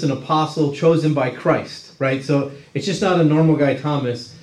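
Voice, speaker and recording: A man's voice: mid-range voice, a little mellow. Man teaching a Bible class, roomy echo. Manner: conversational, checks in with 'right?' tags.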